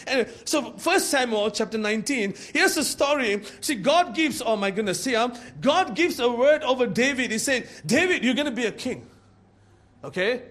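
A man preaching a sermon to his church, swinging from loud shouts to quiet asides, with many fillers and restarts. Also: extremely high pitch, expressive, normal speed. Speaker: pastor.

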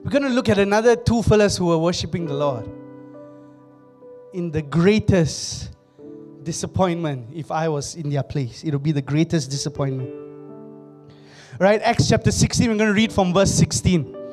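A man's voice: high voice, moderate pace, long pauses, a little mellow, soft background music. A man preaching to his church in a conversational way, often laughing and acting out the people he quotes. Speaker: pastor. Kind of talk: sermon.

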